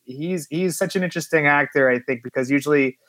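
Animated, higher-voiced male film producer. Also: fast talker, no echo. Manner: animated storyteller who acts out quotes. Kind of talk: casual interview chat.

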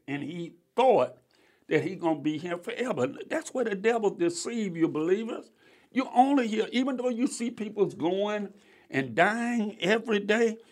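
Man, preacher, sermon, slow unhurried pace, drawn-out scripture reading, rising and falling cadence. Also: sits high, animated. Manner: stretches scripture readings slowly, then rushes asides.

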